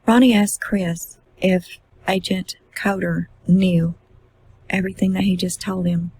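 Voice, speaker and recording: Husky woman narrating true crime. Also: mid-range voice, fairly even intonation, measured pace, darkish tone, rough recording. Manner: plain storytelling, acting out quotes. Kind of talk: book synopsis narration.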